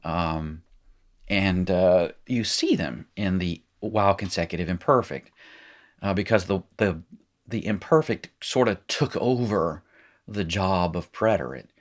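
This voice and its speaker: Low-voiced man teaching, rambling and wry. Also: unhurried. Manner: rambling, self-interrupting, wry asides. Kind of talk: recorded language lesson.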